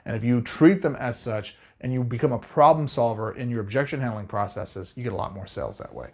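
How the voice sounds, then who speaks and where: A middle-aged man giving sales tips straight to the camera, energetic and conversational. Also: mid-range voice. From Arizona. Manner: energetic, conversational, fast-talking. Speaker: sales trainer.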